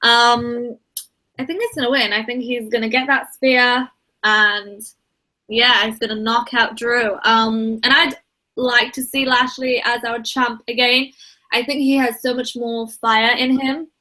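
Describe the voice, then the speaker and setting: Bright-voiced easygoing woman guest. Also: a little high, steady tone, unhurried, poor audio. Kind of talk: casual chat over video call. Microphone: video call.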